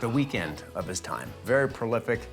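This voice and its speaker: A man's voice: medium pitch, lively intonation, normal speed. Storytelling male bagpiper, faint guitar behind. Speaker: bagpiper and guest. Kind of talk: interview.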